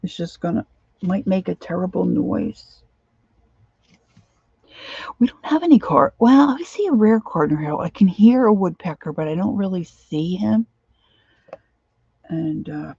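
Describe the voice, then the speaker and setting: A woman's voice: on the low side, very animated, a little slow, creaky, pauses often, a little mellow, slightly rough, dry recording, dull audio. A middle-aged woman chatting casually to herself and her viewers while she crafts at home, rambling from one thought to the next. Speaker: craft vlogger.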